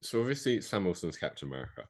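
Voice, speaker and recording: A European man in casual podcast banter, his somewhat low voice swinging widely in pitch. He teases his co-host and laughs easily, keeping the talk loose and playful. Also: big pitch swings, rapid-fire. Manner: playful, teasing, laughs often. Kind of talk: casual chat.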